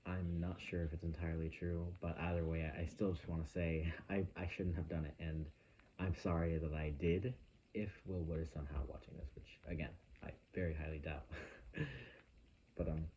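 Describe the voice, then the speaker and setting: Young male vlogger, deep low voice, earnest halting storyteller, recorded on a phone. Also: little pitch movement, warm tone, lo-fi sound, a little hiss or hum. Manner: earnest, halting, emotional retelling. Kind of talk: casual rambling story.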